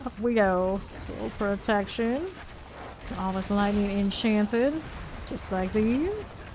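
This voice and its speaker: A woman's voice: medium pitch, takes it slowly, background noise. A woman casually commenting while streaming a video game, chatting with viewers and laughing often. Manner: chatty, reads chat aloud, laughs often.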